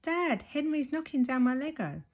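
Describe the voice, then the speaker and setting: Sweet, squeaky little brother, played by a woman reader. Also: big pitch swings, moderate pace, lo-fi sound. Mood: eager. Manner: eager, squeaky. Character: sweet, eager little boy Peter.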